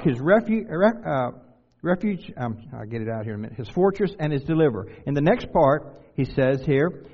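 A man's voice: mid-range voice, expressive, moderate pace, long reverb tail, muffled recording. A man from Delaware preaching a sermon in a conversational way, putting questions to his listeners and adding self-deprecating humor. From Delaware, USA.

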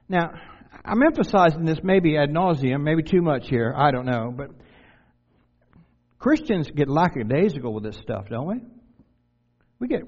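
A man's voice: on the high side, big-room sound, muffled recording. A man from Delaware preaching a sermon in a conversational way, putting questions to his listeners and adding self-deprecating humor. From Delaware, USA.

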